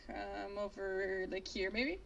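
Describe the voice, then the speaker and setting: A woman playing in a tabletop game, excitable and swearing freely, laughing a lot. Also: medium pitch, slow pace, gravelly, muffled recording. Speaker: player. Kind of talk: casual tabletop play.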